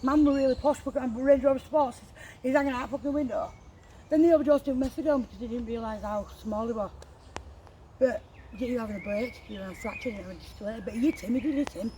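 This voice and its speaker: High-voiced swearing woman outdoors. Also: brisk, warm tone, a little hiss or hum, rough recording. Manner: swears freely, tells a heated story. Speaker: walking companion. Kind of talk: casual chat. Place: outdoors on a woodland walk.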